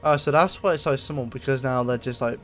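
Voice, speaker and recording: A man giving a casual review of game items, speaking in an easygoing, rambling way and often pausing with fillers. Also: medium pitch, faint music behind. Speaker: gaming video creator.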